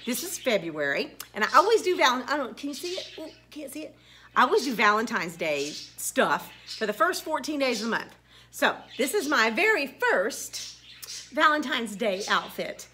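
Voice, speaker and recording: Middle-aged teacher woman, chatty storyteller, bright and sharp tone, lively swoops. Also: fairly high pitch, moderate pace, a little hiss or hum. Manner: chatty, animated storytelling with quoted voices. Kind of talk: casual vlog monologue.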